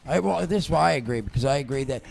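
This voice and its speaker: A man co-hosting a casual comic-book debate, laid-back and gravelly, throwing in goofy sound effects as he tells his ideas. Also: medium pitch, animated, rapid-fire, darkish tone, a little hiss or hum. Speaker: co-host.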